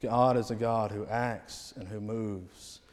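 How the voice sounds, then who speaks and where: A man preaching a revival sermon in a church, rising to loud proclamations and falling to near-quiet phrase endings. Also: on the low side, steady tone, takes it slowly. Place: church sanctuary. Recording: long hall reverb.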